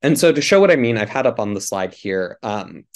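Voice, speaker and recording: A man's voice: lowish voice, sing-song, a little fast. A man giving an academic literature lecture, explaining patiently to an audience with frequent ums and small self-corrections.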